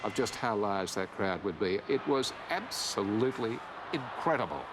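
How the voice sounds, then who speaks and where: A man's voice: lowish voice, animated, moderate pace, background noise. Man reminiscing enthusiastically. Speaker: interviewee, former station staff. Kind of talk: reminiscing interview.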